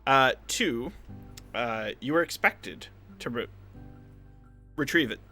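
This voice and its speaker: A man running a tabletop game, his voice bright and ringing with a lively, swinging pitch. He narrates in a loose, jokey way and breaks into laughter often, with faint music playing under him. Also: takes it slowly. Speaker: game master.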